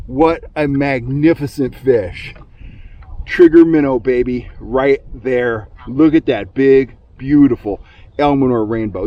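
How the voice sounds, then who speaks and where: A middle-aged man hosting a fishing vlog from a boat on a lake, talking through his gear and getting loudly excited when fish bite. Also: mid-range voice, poor audio. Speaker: fishing channel host. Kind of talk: outdoor fishing vlog narration.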